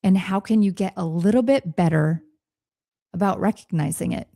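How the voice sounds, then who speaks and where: A woman's voice: mid-range voice, moderate pace, gravelly, mellow, dry recording, clean studio sound. A woman in her forties hosting a podcast, speaking to listeners in an earnest, encouraging coaching talk from a home office.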